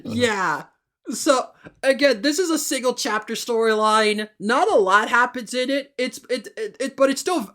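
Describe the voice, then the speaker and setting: Higher-voiced woman animatedly recapping. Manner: animated retelling, frequent restarts and stumbles. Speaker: podcast co-host. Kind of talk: casual chat.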